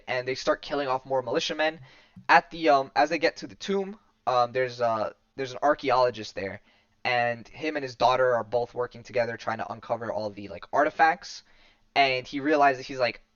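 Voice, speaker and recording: Chatting loosely on a podcast, a man walks through a comic's story, rambling with constant "um"s, restarts and backtracking. He speaks at a normal speed in a medium-pitched, fairly bright, smooth voice. The recording is dull lo-fi, dry and close with no echo.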